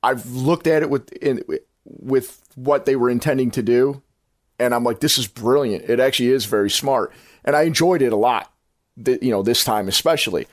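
A male podcast host chats casually about films, rambling enthusiastically, looping back, and correcting himself. His voice is medium-pitched at normal speed. The recording is dry with clean studio sound.

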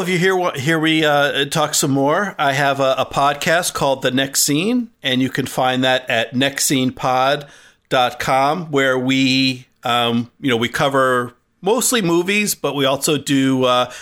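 Bright-voiced, hesitant podcast guest. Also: male voice, mid-range voice, measured pace. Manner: hesitant, many fillers and restarts. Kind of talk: casual podcast chat.

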